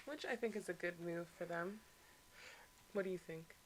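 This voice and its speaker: A woman who is a guest on a casual gaming podcast. She adds short, slow interjections and teasing asides. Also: on the low side. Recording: loud background noise.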